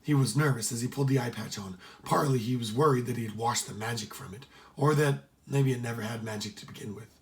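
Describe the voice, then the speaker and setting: A man's voice: mid-range voice, quick pace, hardly any pauses. Man reading a children's story aloud.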